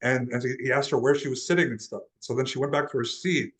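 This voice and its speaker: A man's voice: medium pitch, steady tone, quick pace, low-quality recording. Earnest young man telling his story. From Laredo, Texas, USA. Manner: earnest, often restarts and repeats words. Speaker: interview guest, transformational guide. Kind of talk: casual storytelling in an interview.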